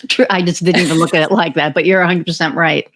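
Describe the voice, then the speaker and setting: A woman who owns a business, telling a candid, animated story as a podcast guest and swearing freely. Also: on the low side, brisk. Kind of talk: casual conversational storytelling.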